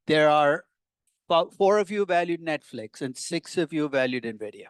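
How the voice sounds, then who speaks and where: A man's voice: a little high, lively intonation, moderate pace, clean tone, no room sound. An older man, a professor giving a conversational classroom lecture with wry, teasing asides to his students.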